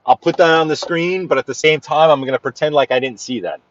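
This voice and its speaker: A man's voice: fairly high pitch, fast talker, no room sound. Brooklyn man with a New York accent, live-streaming from behind the wheel, rambling and greeting viewers, dry and slightly muffled car sound. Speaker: livestream driving host. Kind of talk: casual live-stream chat while driving. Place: inside a car in city traffic.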